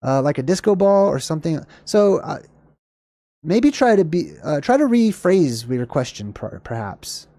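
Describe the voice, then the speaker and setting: Man, livestream host, rambling casual talk, slightly hoarse, searching for words, dry close sound. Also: a little high, very animated, a little slow, warm tone, dry recording. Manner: searches for words, self-correcting, apologetic. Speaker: livestream host answering chat.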